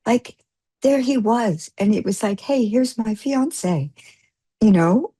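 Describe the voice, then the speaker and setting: A middle-aged woman, an actor guest, telling an emotional story in an interview, gushing and tearful, her voice climbing high when moved. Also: expressive, takes it slowly, warm tone, slightly rough.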